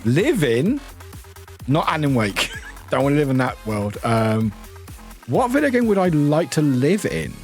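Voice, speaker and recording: Chatty man with a lively pitch. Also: measured pace, pauses often, faint music behind. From United Kingdom. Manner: rambling, chatty, swears casually, laughs often. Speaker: streamer. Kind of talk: casual chat while gaming live.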